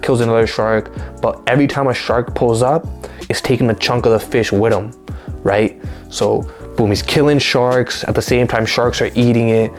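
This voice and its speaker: A man with a lowish voice talks through a book in a relaxed, slangy way, swearing freely and tossing questions back at his listeners. Faint music plays quietly behind him. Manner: slangy, laid-back, profane, keeps asking "right?". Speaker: book reviewer. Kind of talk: casual book review chat.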